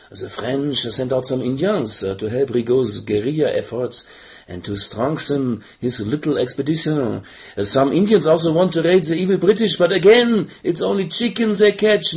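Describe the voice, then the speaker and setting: A man's voice: medium pitch, a little mellow. A man narrating a board game session recap in a playful, mock-dramatic way, teasing the players and dropping in French phrases.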